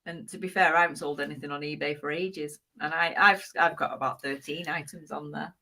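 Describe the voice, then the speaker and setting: Low-voiced giggly woman co-host. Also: steady tone, fairly quick, sharp tone. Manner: giggly, teasing, laughs a lot. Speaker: co-host reading viewer comments. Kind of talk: casual live-stream chat.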